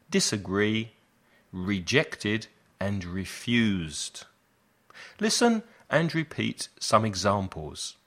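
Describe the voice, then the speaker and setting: A man leads a lesson. His voice sits a little low, and he speaks very slowly and deliberately. He repeats short phrases so learners can copy them. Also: fairly bright tone. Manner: slow, deliberate repetition for learners. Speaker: English teacher. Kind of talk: slow language lesson drills.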